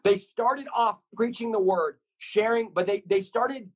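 A man preaching fervently as a podcast guest, his voice pitched high for a man and a little husky. He drives his point home in stacked, repeated short lines, with the insistent push of a sermon. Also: measured pace, poor audio. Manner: intense, repetitive, builds lists of short punchy lines.

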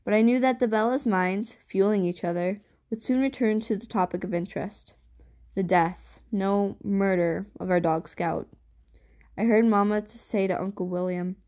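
A woman's voice: medium pitch, steady tone, normal speed, warm tone. Woman narrating a story aloud. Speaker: audiobook narrator. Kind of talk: scripted narration.

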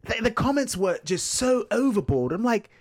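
Lively Englishman telling stories. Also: high voice. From England. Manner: animated storytelling, quick and expressive. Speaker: podcast guest. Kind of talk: casual chat.

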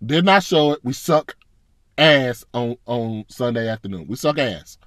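A man's voice: medium pitch, animated, unhurried, a bit bright, dry recording, studio quality. A man ranting as a fan, blunt and profane, in a casual, frustrated reaction. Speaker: sports fan commentator.

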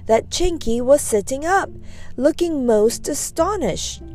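A woman reading a children's storybook aloud, gentle and expressive. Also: sits high, slow, soft background music.

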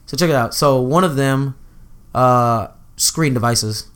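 A man's voice: mid-range voice, a little slow, fairly bright tone, smooth. A young man hosting a casual podcast, loose and profane, often laughing and acting out movie lines. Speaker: podcast host.

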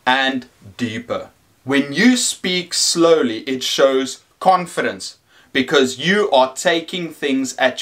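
A man in his thirties giving teaching tips in a measured, deliberate talk, shifting his pitch up and down to show what he means. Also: a bit bright. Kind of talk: instructional talk to camera.

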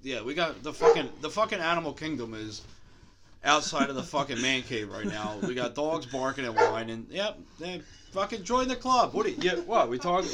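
A man's voice: medium pitch, animated, normal speed, over a noisy crowd. A man hosting a casual wrestling podcast, ranting heatedly with lots of swearing. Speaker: podcast host.

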